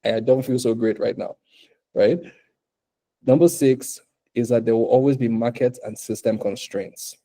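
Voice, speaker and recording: A man from Africa giving a motivational talk to aspiring entrepreneurs at a bootcamp, animated, laughing often and acting out quotes in other voices. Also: mid-range voice. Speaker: bootcamp speaker.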